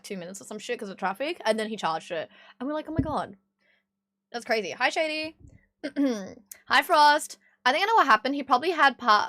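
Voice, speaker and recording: A young Australian woman with a high voice chats casually on stream, animated and quick to swear while she plays out the voices in her stories. The sound is dry and close, with no room around it. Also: dry recording. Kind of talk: casual stream chat, storytelling.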